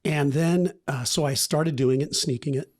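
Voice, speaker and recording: A man's voice: a little high, normal speed. A man in his fifties, a podcast guest, telling candid, rambling stories about his past and acting out the voices of the people in them. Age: 50s. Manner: rambling, animated retelling with acted quotes. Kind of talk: candid storytelling interview.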